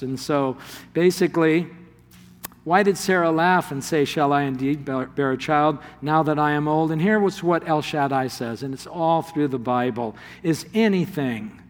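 Animated man preaching in a reverberant hall. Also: fairly high pitch. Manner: animated, laughs often, plays the voices in the story. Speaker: pastor. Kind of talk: sermon.

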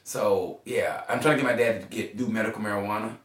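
A man's voice: on the low side, fast, recorded from a distance. A man telling stories in casual chat, swearing freely and acting out quoted voices. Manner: animated storyteller, swears, acts out quoted voices. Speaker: podcast guest. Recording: echoey room, off-mic.

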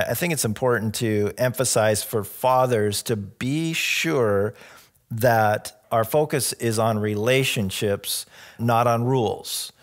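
Middle-aged male pastor, lowish voice, easygoing sermon storyteller who chuckles along. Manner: relaxed storytelling with jokes and soft laughs. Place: church.

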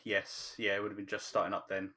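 Man, low deep voice, halting and hesitant, casual podcast co-host. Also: completely flat delivery, sharp tone, slight background noise. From from just outside London, England. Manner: hesitant, many ums and restarts. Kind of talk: casual chat about a TV show.

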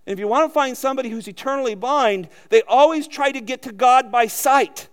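A man delivers a sermon in a notably high voice. He rises to emphatic, louder peaks, then drops into quiet, low asides. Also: a little fast. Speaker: pastor.

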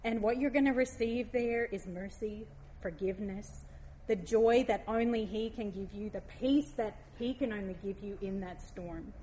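A woman's voice: mid-range voice, slight background noise. Heartfelt woman giving a devotional talk. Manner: heartfelt, gently emotional, reads scripture aloud slowly.

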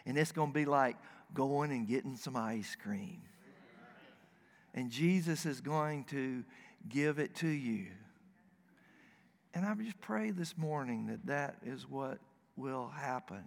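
A man's voice: mid-range voice, slow pace, vocal fry, big-room sound. A man from the States, preaching a sermon in a folksy, earnest storytelling way. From Southern United States. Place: church sanctuary.

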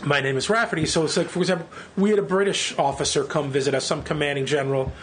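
A middle-aged New York man spins loose, profane anecdotes and acts out every voice in them. His voice sits a little high, and a faint hiss runs under it. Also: fast talker. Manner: profane, animated storyteller who acts out quotes. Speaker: guest, band singer. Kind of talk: casual storytelling interview.

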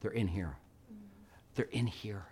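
Man, middle-aged, pastor preaching, animated storyteller, hushed to loud. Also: fairly low pitch, measured pace, husky. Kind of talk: sermon.

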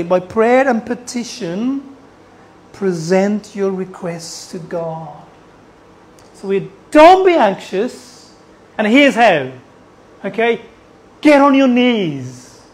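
An animated preacher delivers a sermon, firing question after question at the congregation. The voice sits at a middle pitch and keeps circling back over its own phrases. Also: rough recording. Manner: animated, asks the listeners questions; repeats and restarts phrases.

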